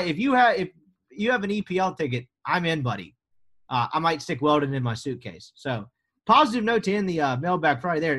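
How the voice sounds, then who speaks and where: Hosting a sports podcast, this young adult American man keeps things casual, wandering off topic, cracking jokes, and making sarcastic asides. His voice is a little high with a fairly bright tone.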